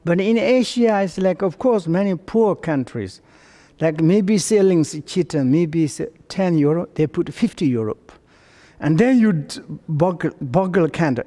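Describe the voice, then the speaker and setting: A man's voice: high voice, animated, unhurried, a little mellow. A man from Tibet with a Tibetan accent, giving a Buddhist teaching in broken English and telling stories with acted dialogue. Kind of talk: dharma teaching. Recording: long reverb in a large room.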